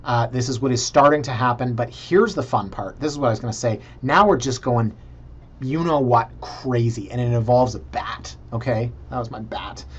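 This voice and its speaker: A man's voice: medium pitch, moderate pace, breathy edge, highs cut off. A Canadian man casually talking viewers through property listings in a chatty, sarcastic way. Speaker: real estate vlogger.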